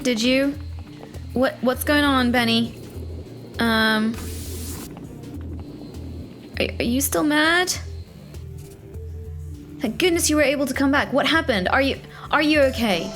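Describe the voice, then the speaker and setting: A woman's voice: high voice, unhurried, pauses often, fairly bright tone, soft background music. A woman hosting a let's play, commenting on a game in a flustered, exclamatory way with many fillers.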